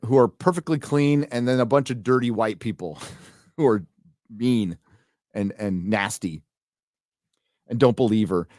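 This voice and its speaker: A man's voice: mid-range voice, darkish tone, dry recording, clean studio sound. A man reviewing a TV show in a casual live commentary, blunt and sarcastic, full of fillers and restarts. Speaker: video reviewer.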